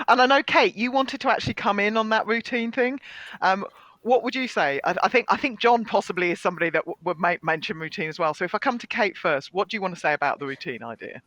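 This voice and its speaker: Animated encouraging woman hosting. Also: mid-range voice, fast talker, no echo, rough recording. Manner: animated, warmly encouraging, emotional. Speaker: host and tutor. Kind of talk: live online student panel.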